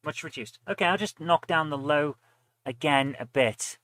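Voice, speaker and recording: A man's voice: fairly high pitch, normal speed, a bit bright, no room sound, poor audio. A British man hosting a live stream, chatting casually and grumbling while he fiddles with his audio settings.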